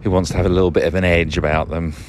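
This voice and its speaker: A man's voice: deep voice, flat delivery, very fast, a little mellow. A man hosting a casual solo podcast, rambling and wry, often breaking off and restarting his sentences. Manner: rambling, self-interrupting, wry. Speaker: podcast host. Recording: noisy background.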